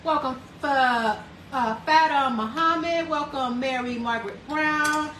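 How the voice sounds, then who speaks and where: High bright Southern woman livestream host. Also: unhurried, echoey room, far from the mic, a little hiss or hum. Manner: chatty storyteller, warm greetings, drawling. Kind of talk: casual chat, reading viewer comments aloud.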